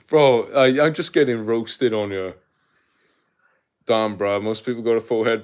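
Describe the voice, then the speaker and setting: A man's voice: lowish voice, normal speed, clean tone. A young Welsh man with a South Welsh accent, hosting a casual livestream, rambling with lots of fillers as he reads out viewer comments. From Wales. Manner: rambling, filler-heavy, laughs easily. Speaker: livestream host.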